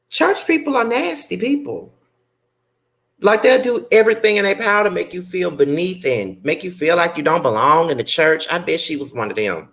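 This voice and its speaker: A woman giving a blunt, sassy live recap, swearing freely and breaking into sharp outbursts. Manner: rants with sudden high-pitched outbursts. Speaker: live-stream show reviewer. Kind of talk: unscripted live recap commentary.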